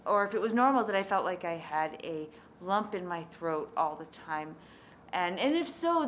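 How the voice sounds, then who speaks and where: A woman's voice: fairly low pitch, slight background noise. A woman telling a personal story in a conversational, candid way. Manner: conversational, candid, lively in quoted speech.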